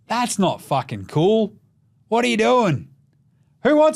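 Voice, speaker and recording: A man's voice: high-pitched, measured pace, vocal fry, long pauses. An Australian man hosting a casual sports show, swearing freely and joking as he runs through his takes. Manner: profane, jokey, animated with mocking put-on voices. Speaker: podcast host.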